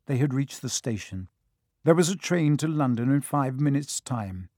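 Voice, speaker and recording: A man narrating a children's fantasy audiobook in a steady storytelling manner, recorded in a studio. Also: mid-range voice, moderate pace, no room sound. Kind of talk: scripted narration.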